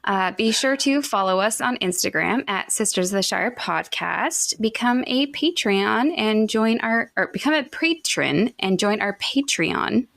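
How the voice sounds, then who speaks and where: Woman podcast host chatting, voice going a bit hoarse, dry close mic. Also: medium pitch, animated, unhurried, few pauses, dry recording. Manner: reads aloud, then chats and gives shout-outs. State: losing her voice. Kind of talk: casual chat.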